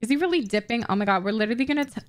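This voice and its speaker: A woman's voice: fairly high pitch, animated, racing. A young woman giving brash, profane, gossipy commentary while playing a life-simulation game, putting on voices for her characters. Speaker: gaming YouTuber. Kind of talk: let's play commentary.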